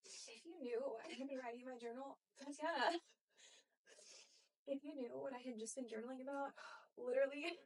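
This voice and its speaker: A woman's voice: high-pitched, a little fast, pauses often. A young woman hosting a podcast, speaking earnestly and emotionally about faith. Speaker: podcast host. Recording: distant mic, faulty audio.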